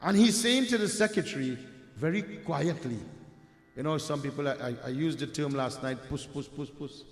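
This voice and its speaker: Trinidadian man, devotional sermon, rhetorical, fairly high voice, echoey hall, long reverb. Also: moderate pace, soft background music. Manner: rhetorical, addresses "my dear friends", asks "huh?". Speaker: Hindu preacher telling a katha.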